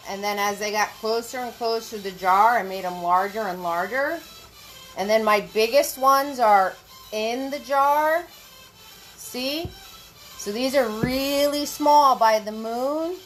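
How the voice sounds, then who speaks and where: A woman's voice: on the high side, measured pace, a bit bright, soft background music, rough recording. A woman leading a live painting class, chatty and encouraging, greeting viewers as she goes. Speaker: paint party instructor. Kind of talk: live online painting lesson.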